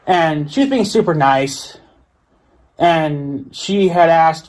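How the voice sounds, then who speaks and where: A man's voice: a little high, expressive, slow pace, a little mellow. Profane, exasperated American man ranting. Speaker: vlogger. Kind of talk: ranting monologue.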